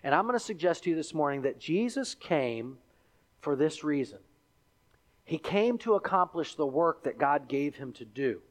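Animated male pastor preaching. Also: a little high, normal speed. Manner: animated storytelling, acting out the crowd and characters. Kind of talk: sermon.

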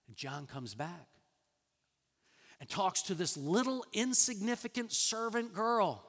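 Preacher guy, kinda high voice, swings loud and soft, big echoey church hall. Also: slow pace. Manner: animated, acts out quoted lines with sudden loud high bursts and soft drops. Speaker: pastor. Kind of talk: sermon.

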